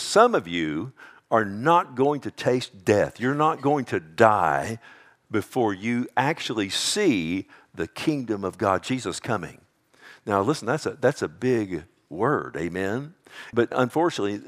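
Man, pastor preaching, low-pitched voice, dramatic pauses, rhetorical questions. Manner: preaching with dramatic slowdowns, rising emphasis and quiet drops; asks the congregation rhetorical questions. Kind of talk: sermon.

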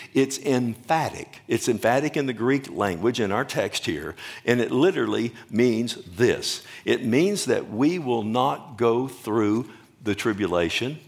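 A man preaching a sermon as pastor, firing questions at his congregation and answering them himself, with the odd joke. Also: medium pitch. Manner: jokes and laughs with the congregation.

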